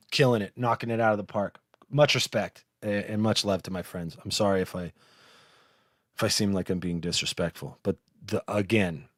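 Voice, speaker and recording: Animated swearing man, laughing. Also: on the low side, no echo, studio quality. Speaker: podcast host. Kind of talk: live podcast chat.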